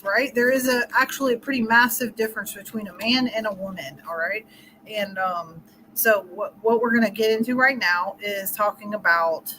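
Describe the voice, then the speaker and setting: Bright-voiced chatty woman coach. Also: mid-range voice, a little hiss or hum, low-quality recording. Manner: chatty, explains with scenarios and laughs often. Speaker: relationship coach. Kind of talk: casual interview talk.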